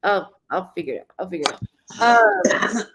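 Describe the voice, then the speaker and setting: Halting, stuttering woman psychic medium in her thirties. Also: lowish voice, lively intonation, noisy background. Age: 30s. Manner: halting, stuttering, repeats words. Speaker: psychic medium giving readings. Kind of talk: live-streamed psychic reading.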